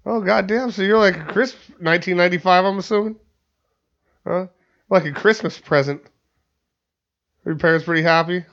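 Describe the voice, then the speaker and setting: Rambling, profane podcast host, muffled. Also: male voice, high-pitched, moderate pace, pauses often, a bit bright. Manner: rambling, profane, lots of stammered restarts. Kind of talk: casual chat. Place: studio.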